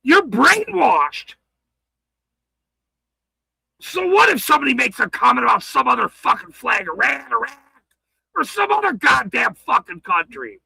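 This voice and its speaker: An angry man ranting on his livestream, swearing hard, stammering and shouting. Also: very high voice, creaky, husky, dry recording, low-quality recording. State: furious.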